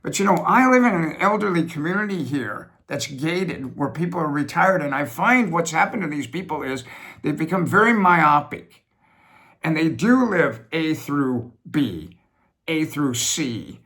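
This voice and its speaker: A middle-aged man talking alone from his home office, rambling and repetitive, pressing his points hard and then slowing right down. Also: fairly high pitch, expressive, fairly bright tone. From United States. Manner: rambling, repetitive, emphatic with sudden slowdowns. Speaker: business funding host. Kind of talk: reflective monologue.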